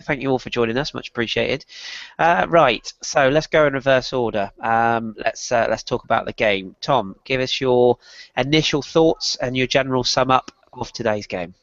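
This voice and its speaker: A man's voice: medium pitch, gravelly, a bit bright, no room sound, lo-fi sound. A man hosting a casual football podcast over an online call, with a cold, joking and laughing easily. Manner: jokey, quick to laugh. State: has a cold. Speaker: podcast host.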